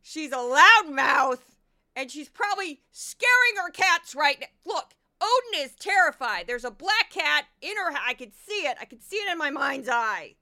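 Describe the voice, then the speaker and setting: A woman voicing a brash, loudmouthed older female TV judge-pundit as a comic impression, blustering and indignant. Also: high-pitched, sing-song, moderate pace, pitched above the performer's own voice, heavily acted. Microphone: close podcast mic with a sound wall.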